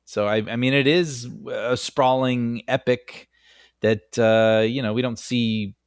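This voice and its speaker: A man co-hosting a film podcast in casual chat, animated and laughing often as he talks, on a close studio mic. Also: mid-range voice, slow, smooth, dry recording. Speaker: podcast co-host.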